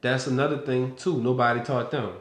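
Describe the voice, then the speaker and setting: Man, casual slang, matter-of-fact explainer, mid pitch, roomy echo. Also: steady tone, a little fast. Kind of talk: casual chat. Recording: echoey room.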